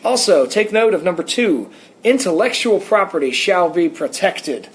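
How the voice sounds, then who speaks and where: Man, American, podcast co-host, casual analytical chat, reads passages aloud, slightly high voice. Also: lively intonation, moderate pace. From United States. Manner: talkative, digressive, reads excerpts aloud.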